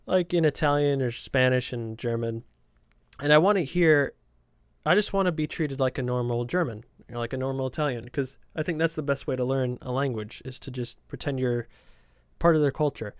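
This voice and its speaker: A man's voice: medium pitch, moderate pace, clean tone, no room sound. Young man, light Southern lilt, dry close mic. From Southern United States. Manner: chatty, meandering, self-correcting. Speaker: podcast host. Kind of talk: casual rambling podcast chat.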